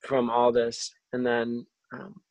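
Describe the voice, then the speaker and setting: A young man sharing a personal faith testimony over a video call, halting, with many restarts and fillers. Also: medium pitch, monotone, darkish tone, dry recording, highs cut off. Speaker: testimony speaker.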